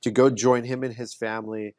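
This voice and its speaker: A man's voice: mid-range voice, level tone, a little fast, darkish tone, no room sound, studio quality. A man who is a podcast guest, in casual conversation, telling an earnest story with frequent restarts.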